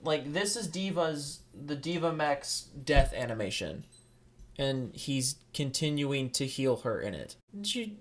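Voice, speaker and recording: A man's voice: medium pitch, very animated, slow pace. Sarcastic man ranting over gameplay. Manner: sarcastic, exasperated. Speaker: YouTube commentator. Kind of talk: response video commentary.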